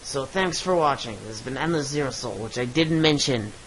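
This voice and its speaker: A man's voice: medium pitch, a little fast, a bit bright, a little hiss or hum, poor audio. A young man hosting a let's play, reading game dialogue aloud in goofy voices with playful, jokey asides. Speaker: gameplay channel host. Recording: game music playing behind.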